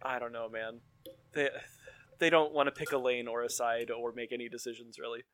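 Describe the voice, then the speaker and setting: A man's voice: mid-range voice, little pitch movement, fairly quick, a bit bright, clean tone. A man co-hosting a casual podcast chat, wry and joking, swearing casually and laughing often. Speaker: podcast co-host.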